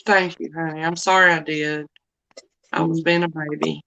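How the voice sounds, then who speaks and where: A woman's voice: low-pitched, little pitch movement, moderate pace, bright, forceful tone, poor audio. A middle-aged woman with a drawl hosts a loose live chat. She rambles, apologizes often and sounds emotional, the way someone talks when she wears her feelings openly. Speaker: live stream host.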